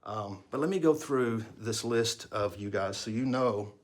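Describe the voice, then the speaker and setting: A man's voice: fairly low pitch, unhurried, a little hiss or hum. A middle-aged man who owns a construction company, talking earnestly and with feeling to his workers in a casual, unscripted way full of fillers and restarts. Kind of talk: casual talk to the crew, filmed by himself.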